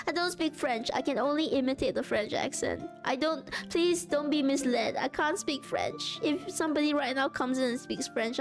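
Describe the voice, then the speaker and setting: A woman chatting casually on a live stream, rambling and laughing often. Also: fairly high pitch.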